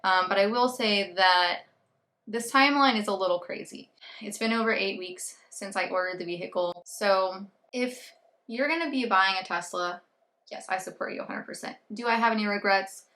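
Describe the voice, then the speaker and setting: A young woman with a bright, clear voice tells a personal story straight to camera in a chatty vlog. She is animated, slipping into little quoted asides of her own thoughts and of the people she talked to. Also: mid-range voice, moderate pace. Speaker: vlogger.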